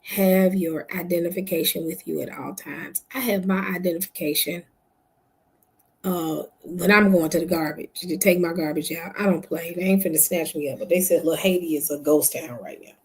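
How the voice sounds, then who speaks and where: A woman's voice: on the low side, steady tone, normal speed, poor audio. Tired, sleepy woman chatting late at night. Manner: chatty, addresses viewers directly. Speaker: channel host. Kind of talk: late-night casual livestream talk. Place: home at night.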